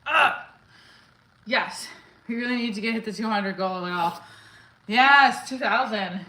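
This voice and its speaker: A woman's voice: medium pitch, brisk, fairly bright tone, roomy sound, poor audio. A woman comedian live-streaming while working out, out of breath and chatting casually with viewers as she reads their comments. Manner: chatty, answers viewers' comments, counts reps aloud.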